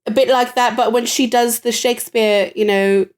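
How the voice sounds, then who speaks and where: A woman's voice: a little high, fairly even intonation, moderate pace. A woman co-hosting a podcast, chatting casually, swearing now and then and laughing often. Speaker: podcast co-host. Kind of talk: casual chat.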